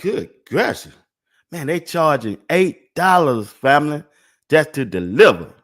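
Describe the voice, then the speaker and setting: An older man hosts a casual sports talk livestream at an unhurried, drawn-out pace. He laughs often and repeats the same phrases several times in a row, chatting loosely with his viewers. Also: a little high, sing-song, fairly bright tone. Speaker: sports talk show host.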